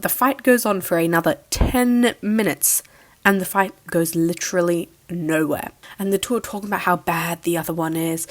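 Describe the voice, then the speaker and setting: A young woman giving a casual, sarcastic recap review of a cartoon finale, mocking the plot as she goes. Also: lowish voice. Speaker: show reviewer.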